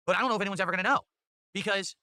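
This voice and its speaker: A man streaming, answering chat questions in a rapid, matter-of-fact way. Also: high-pitched, sharp tone, dry recording. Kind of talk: live-stream chat reading.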